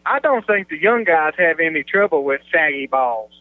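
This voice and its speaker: A man's voice: a little high, expressive, normal speed, no echo. A man with a Southern US drawl chats in a laid-back way, tossing out crude jokes. His voice comes through a tinny, phone-like line. The sound is dry. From American South. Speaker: co-host. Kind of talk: casual chat.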